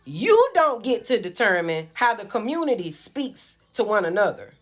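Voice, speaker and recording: A woman's voice: mid-range voice, big pitch swings, normal speed. A woman giving pointed, lecturing commentary.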